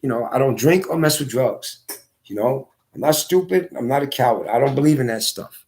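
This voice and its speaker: Hoarse guy with a gravelly voice, venting and repeating himself. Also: mid-range voice, lively intonation, a little fast, darkish tone. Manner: repetitive, emphatic storytelling. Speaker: vlogger. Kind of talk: casual monologue.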